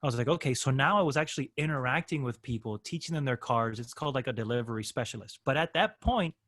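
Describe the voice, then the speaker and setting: A man's voice: mid-range voice, expressive, quick pace, fairly bright tone, no room sound, studio quality. A man improviser telling stories in casual conversation, often slipping into voices and accents as he goes. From Miami area. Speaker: improviser and guest. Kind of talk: casual storytelling.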